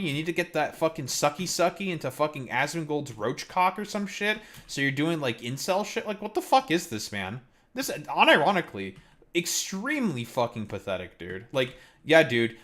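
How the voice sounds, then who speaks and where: A man's voice: fairly high pitch, a bit bright. A man hosting a live stream, ranting heatedly and mockingly as he reacts to a clip, swearing constantly. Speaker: streamer host.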